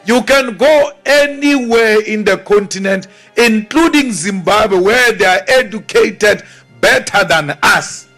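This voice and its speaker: A South African politician addresses a crowd in a high, ringing voice, speaking slowly and deliberately with defiant weight on each point while faint music plays behind him. He is forceful and defiant, repeats phrases for emphasis and mockingly mimics timid voices.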